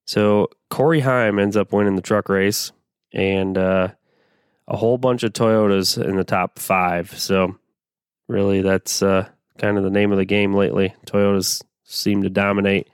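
A middle-aged man hosts a solo podcast in an unhurried, laid-back drawl, his voice a bit raspy from allergies. His pitch sits low, and the sound is dry and close. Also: fairly even intonation, dry recording. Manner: laid-back, conversational, frequent fillers. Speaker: podcast host. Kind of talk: casual solo podcast commentary.

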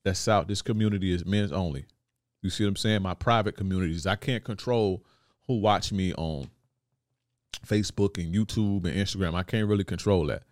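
A man's voice: low voice, brisk, a little mellow, dry recording, studio quality. A man hosting a podcast, talking to listeners in a blunt, slangy, profane monologue and often asking if they follow. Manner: blunt, repeats "you see what I'm saying". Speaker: podcast host.

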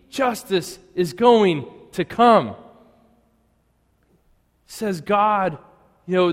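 An earnest male pastor preaching in a church, his fairly high voice carrying through a long, ringing reverb. He pauses often and sinks to a near hush on the phrases he wants to land. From United States. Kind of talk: sermon. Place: church sanctuary.

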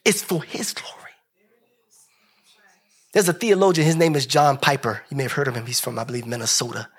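A man preaching a sermon as pastor, speaking in a colloquial, emphatic way that at times rises to a shout. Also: mid-range voice, fairly even intonation, fast.

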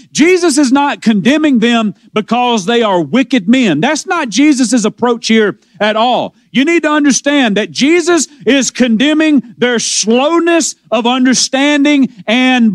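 A man preaching a sermon, explaining scripture with rising passion and drawn-out quotes. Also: very high-pitched, no room sound. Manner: impassioned preaching, slows and swells on scripture quotes.

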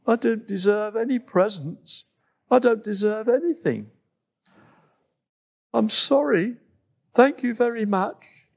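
A man voicing a cheeky, excitable little female jungle animal who stammers when she feels guilty. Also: sits high, takes it slowly, vocal fry, pauses often, voice pushed up, full character voice. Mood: contrite.

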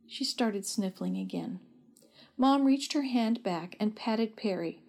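A woman narrating a children's story aloud in a steady, gentle read. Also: medium pitch, slow, creaky.

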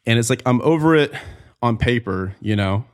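A man's voice: mid-range voice, expressive, normal speed, smooth. A man in his late twenties hosting a podcast, talking candidly and earnestly about his life, with casual fillers and swearing, close to tears at times. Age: 20s. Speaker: podcast host. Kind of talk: personal reflective monologue.

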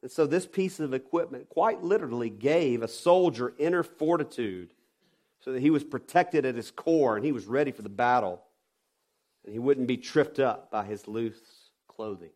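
A pastor preaching a sermon, emphatic, with rhetorical questions and swings from loud stresses to quiet drops. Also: male voice, mid-range voice, moderate pace.

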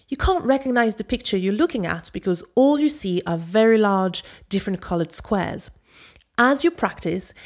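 A woman with a Parisian accent hosts a scripted language-learning podcast. She explains pronunciation clearly and patiently, then demonstrates French phrases herself. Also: mid-range voice. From Paris, France. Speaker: podcast host and French teacher.

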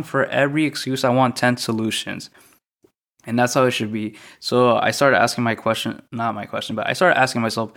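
A young man hosting a solo podcast, talking through his thoughts in a mostly monotone, reflective way, often repeating questions. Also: mid-range voice. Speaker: podcast host.

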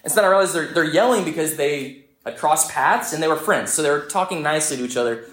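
A young man preaching a sermon, telling a story in a lively, conversational way. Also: fairly high pitch, fast. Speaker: pastor. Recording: echoey church room.

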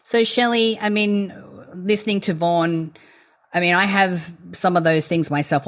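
A woman hosts a podcast interview, speaking at a slightly low pitch. She shares her own experience in a reflective, personal way before turning to her guest with a question, and faint music sits behind her. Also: fairly even intonation, a little slow. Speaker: podcast host.

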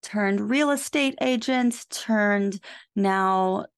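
A woman's voice: mid-range voice, drawn-out words, clear, resonant tone. An American woman co-hosting a podcast, chatting in a bubbly, giggly way and saying "like" often. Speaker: podcast co-host. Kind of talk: casual chat.

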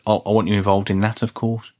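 A man's voice: on the low side, fast talker. A man with a Birmingham accent hosting a podcast, talking casually in a dry, level, self-deprecating way. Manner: dry, level delivery with little show of excitement. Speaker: podcast host. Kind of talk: casual solo podcast talk.

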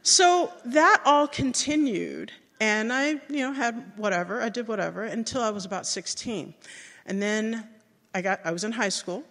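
A middle-aged woman telling a personal story to an audience, animated and acting out the voices of people she remembers. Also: normal speed, big-room sound. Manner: animated, acts out remembered voices with big jumps in pitch.

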